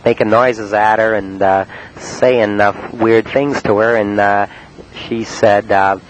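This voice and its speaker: Male monologue; deadpan recounting, frequent fillers, slightly low voice. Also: a little hiss or hum, poor audio. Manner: halting, full of uh and um. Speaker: storyteller recounting his prank calls. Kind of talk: spoken-word cassette monologue.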